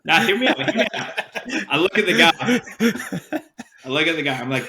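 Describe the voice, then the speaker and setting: A man co-hosting a podcast, telling an animated, profanity-laced story in casual chat. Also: on the high side, a little fast, a crowd in the background. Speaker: podcast co-host. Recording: roomy echo.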